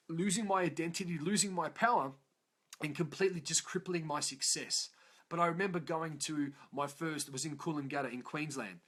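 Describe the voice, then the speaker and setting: A man's voice: fairly high pitch, fairly bright tone. A man, a motivational speaker, telling a blunt and profane personal story to an audience.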